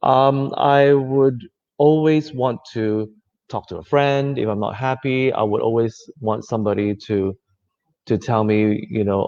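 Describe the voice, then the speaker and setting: A man's voice: medium pitch, a little slow. Man, reflective talk, easy conversational delivery, mid voice, slightly lo-fi recording. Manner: gentle, conversational, many fillers. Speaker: speaker giving a talk. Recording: slightly dull lo-fi audio.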